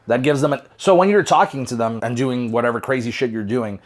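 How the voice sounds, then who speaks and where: A man co-hosting a podcast, telling stories in a relaxed way with casual swearing. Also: mid-range voice, brisk. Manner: relaxed storytelling with swearing and chuckles. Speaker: podcast co-host and camera operator. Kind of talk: casual chat.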